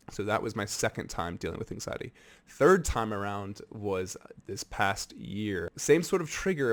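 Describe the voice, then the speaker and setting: Young american man, earnest vlogger, lowish voice, candid storytelling. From United States. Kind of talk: candid personal vlog talk.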